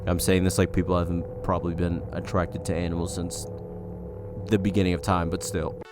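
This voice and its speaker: A man's voice: low-pitched, flat delivery, fairly quick, over music. A man hosting a casual commentary video, reacting to posts in a wry, exasperated way. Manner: wry and exasperated, with mock warnings.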